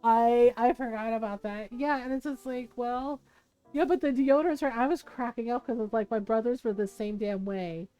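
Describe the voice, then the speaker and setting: A woman's voice: on the high side, normal speed, mellow, smooth, faint music behind. A woman streaming a life-sim game, chatting casually, telling stories and laughing often. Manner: chatty, storytelling, laughs often, playful quoted voices.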